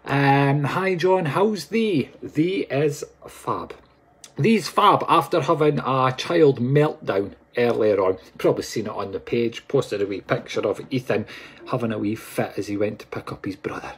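A man's voice: medium pitch, measured pace, husky. A Scottish man hosting a live stream as a psychic medium, chatting casually and playfully while greeting viewers by name.

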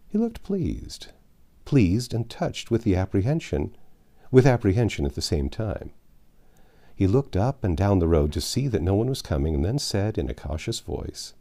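Brief: male audiobook narrator, dark and warm tone, animated expressive reading. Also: low voice. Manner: expressive, measured storytelling. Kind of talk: reading a classic novel aloud.

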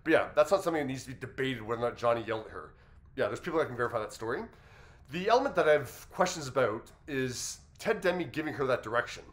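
A man hosting an entertainment news commentary, reasoning aloud in a measured way as he weighs a story. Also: mid-range voice, animated. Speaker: commentary host.

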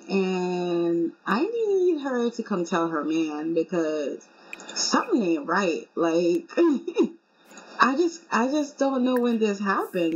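A young woman casually commenting on her life-simulation game in an excitable, informal way. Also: medium pitch, slightly rough. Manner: chatty, excitable, informal with fillers like y'all. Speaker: gaming video creator. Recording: slightly muffled with faint hum.

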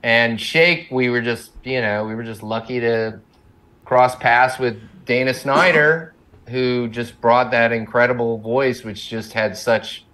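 Speaking a little slowly in a medium-pitched voice that sounds pushed and bright, a middle-aged cartoon co-creator is interviewed in a casual chat. He rambles, pokes fun at himself, and laughs a lot.

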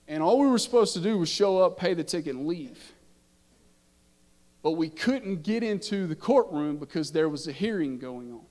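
A man, a pastor telling a story in his sermon and building from quiet narration to impassioned preaching. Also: on the high side, expressive, moderate pace, long reverb tail. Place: church sanctuary.

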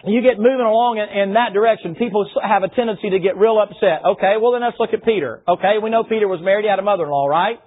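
High-voiced preacher, phone-tinny. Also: male voice, fast, few pauses, husky. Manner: folksy, rhetorical questions. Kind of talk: sermon.

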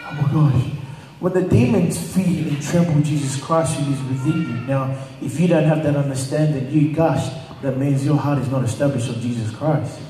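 A man preaches to a congregation in a relaxed, talky way, full of fillers and retold dialogue. His voice sits a little high. The sound comes from some distance in a strongly echoing hall. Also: moderate pace, slight background noise. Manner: conversational, many fillers, retells stories with quoted voices. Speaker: pastor. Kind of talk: church teaching. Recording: echoey hall, distant mic.

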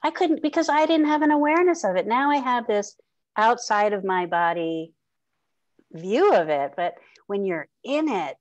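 A woman's voice: medium pitch, lively intonation, moderate pace, dry recording, muffled recording. A middle-aged woman speaking as an interview guest, open and heartfelt, laughing often and restarting her sentences. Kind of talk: candid personal interview.

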